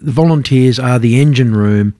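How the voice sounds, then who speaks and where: A man's voice: medium pitch, moderate pace, mellow, no room sound, clean studio sound. A man co-hosting a radio talk show, jokey and effusive. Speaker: radio co-host. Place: radio studio.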